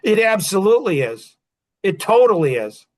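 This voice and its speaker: A man in his sixties with a notably high-pitched voice talks through a casual monologue. He is emphatic and rambling and circles back on his own phrases. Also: big pitch swings, moderate pace, a little mellow. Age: 60s. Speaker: podcast host.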